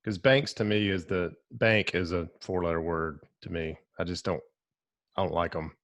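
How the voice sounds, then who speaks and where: A man's voice: low-pitched, fairly even intonation, moderate pace, fairly bright tone. A man hosting a video call, asking brief, laid-back questions. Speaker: host.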